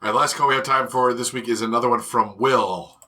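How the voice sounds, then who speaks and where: A man's voice: medium pitch, fairly quick, very noisy. A man co-hosting a sports podcast who chats casually and cracks jokes. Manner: animated, joking. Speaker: podcast co-host. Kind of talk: casual chat.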